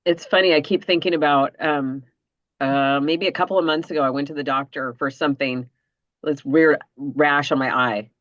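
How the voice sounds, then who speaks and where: A woman's voice: deep voice, fairly even intonation, normal speed, dry recording. A woman hosting a podcast, close to tears, her voice dry and dull like a lo-fi recording. She talks earnestly and circles around with "you know" and "like" as she sorts out her feelings. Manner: earnest, rambling with fillers. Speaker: podcast host, mother. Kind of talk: casual conversation. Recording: dull lo-fi sound.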